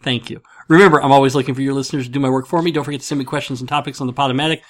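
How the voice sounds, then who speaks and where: A man's voice: medium pitch, fairly even intonation, rapid-fire. A man hosting a casual podcast, rambling and self-mocking, with lots of fillers. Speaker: podcast host.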